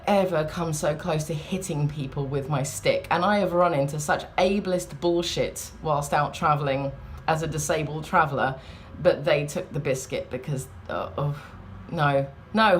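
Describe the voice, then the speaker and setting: A woman's voice: low-pitched, moderate pace, few pauses, slight background noise. A woman chatting in a rambling, wry way, vlogging from a hotel room. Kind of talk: casual vlog chat.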